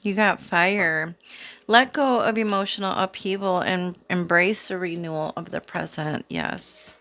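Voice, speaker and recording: A woman hosting her own channel, giving a casual, chatty spiritual card reading to camera in a slow, soothing way. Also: on the low side, fairly bright tone. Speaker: tarot reader, channel host.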